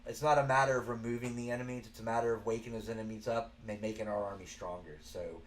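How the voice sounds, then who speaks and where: A man's voice: lowish voice, steady tone, fast talker, slight background noise. A man with a Southern American accent hosting a show, giving earnest, rambling commentary with frequent restarts. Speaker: show host. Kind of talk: casual spoken commentary.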